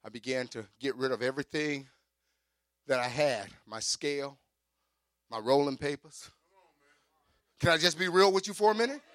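A man's voice: medium pitch, normal speed, long pauses, no echo, clean studio sound. A middle-aged man preaching a sermon, telling his own testimony with fervor and talking straight to the congregation. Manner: fervent, builds to shouting; conversational asides to congregation.

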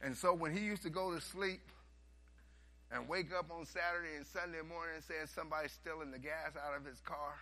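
A man preaching a sermon, telling a story and swinging from hushed asides to loud, animated bursts. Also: a little high, brisk, slight background noise.

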